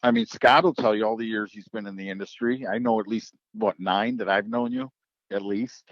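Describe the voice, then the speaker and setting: Lively low-voiced man, announcer. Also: fairly quick, no room sound, muffled recording. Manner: animated storyteller acting out quoted voices. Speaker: drag racing track announcer. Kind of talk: casual podcast storytelling.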